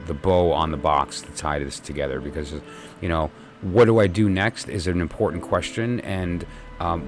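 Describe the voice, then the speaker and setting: A middle-aged man, a tarot reader, telling a personal story in a reflective, meandering monologue with many restarts and fillers. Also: low-pitched. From New York.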